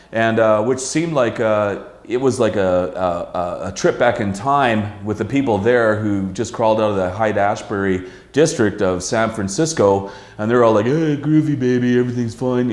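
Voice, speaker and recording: A man's voice: lowish voice, moderate pace. A middle-aged man from Canada hosting a casual talk show in a pub, rambling and swearing with many fillers. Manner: rambling, profane, lots of uh fillers. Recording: echoey pub room.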